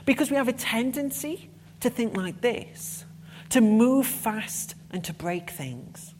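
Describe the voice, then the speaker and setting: A woman's voice: fairly high pitch, animated, takes it slowly, a little mellow, slight background noise. A woman giving a conference talk, passionate and emphatic, with blunt swearing when annoyed. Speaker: conference speaker.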